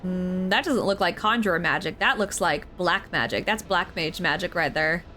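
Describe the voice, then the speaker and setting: Bright, excitable giggly woman streamer. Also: fairly low pitch, moderate pace, slight background noise. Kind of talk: casual game streaming commentary.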